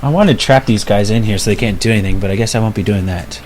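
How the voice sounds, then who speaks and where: Man with deadpan teasing interjections. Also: lowish voice, quick pace, a little hiss or hum. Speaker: co-host playing a video game. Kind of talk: casual gameplay banter.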